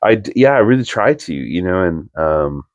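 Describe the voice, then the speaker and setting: A young man with a very low voice talks casually as a podcast co-host. He tells his story earnestly, wandering through sentences packed with "like". The sound is dry and close, with no room around it. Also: sing-song, normal speed, no echo, lo-fi sound. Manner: rambling, full of "like" fillers, earnest.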